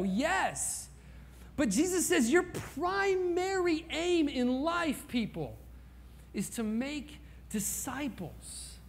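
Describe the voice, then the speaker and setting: A man in his thirties from Indiana preaching a sermon through personal stories, impassioned, swinging from hushed lines to near-shouts. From Indiana, USA. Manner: impassioned storytelling, rising to near-shouts at high points.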